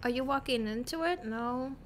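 A woman's voice: high-pitched, moderate pace. A woman streamer giving playful, casual commentary while playing a game, swearing and chatting with viewers.

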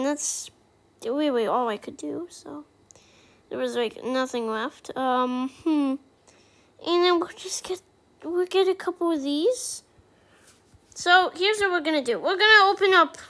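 High, bright-voiced gaming commentator, woman. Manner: excitable, squealing with joy. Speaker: gaming YouTuber. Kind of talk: gameplay commentary.

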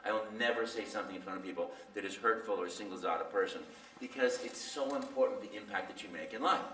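A man telling animated stories at a fan convention panel, laughing and acting out voices along the way. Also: on the low side, fast. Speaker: voice actor, panel guest. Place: convention hall. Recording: echoey hall, mic from a distance.

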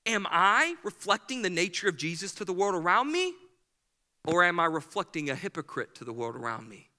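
A man's voice: high-pitched, sing-song, fairly quick, sharp tone. A male pastor preaching a sermon with energy, acting out the people he quotes. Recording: hall reverb.

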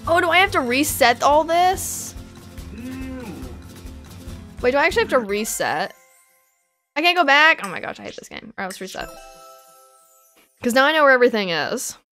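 A woman's voice: high voice, normal speed, long pauses, faint music behind. A woman live-streaming a game, chatting casually with her viewers and laughing often. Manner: giggly, animated, reads and answers chat. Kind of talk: casual live-stream chat while gaming.

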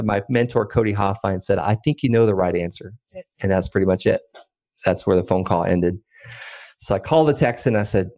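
A man in his thirties, a podcast guest, telling a story with lively acted-out dialogue. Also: lowish voice. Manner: animated storyteller acting out dialogue. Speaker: podcast guest, land investor. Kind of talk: storytelling in an interview.

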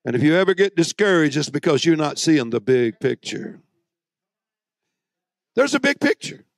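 A man preaching a fiery sermon, emphatic and folksy, with drawn-out phrases that swing between loud and hushed, plus joking asides to the congregation. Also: on the high side, sing-song, dry recording. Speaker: visiting preacher.

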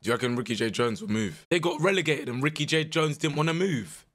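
A young man with a strained voice, giving animated, slangy commentary while playing a management game. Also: on the high side, fast talker. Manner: animated, exclaiming, slangy banter. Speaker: gaming content creator. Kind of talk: casual gameplay commentary.

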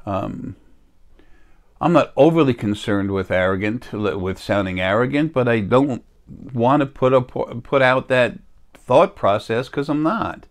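A man's voice: medium pitch, a little slow. A man in a rambling, self-interrupting casual monologue as a spiritual healer, recorded on a laptop or phone.

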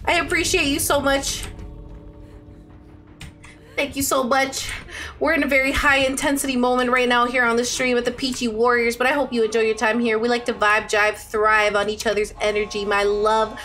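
A woman live-streaming a game, chatting with viewers and shrieking with excitement during tense moments. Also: on the high side, moderate pace, faint music behind.

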